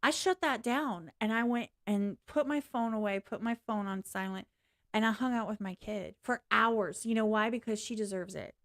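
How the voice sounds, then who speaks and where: A woman's voice: mid-range voice, moderate pace, fairly bright tone. A woman live streaming to her viewers in a casual, candid rant, blunt and swearing freely, laughing along the way. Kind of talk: casual ranting livestream chat.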